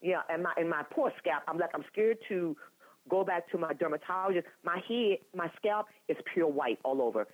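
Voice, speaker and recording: A woman in her sixties, a guest in an interview, talking in an animated, chatty way with frequent laughs and restarts. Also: on the low side, moderate pace. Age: 60s. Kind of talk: candid conversational storytelling. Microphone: telephone. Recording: tinny phone line.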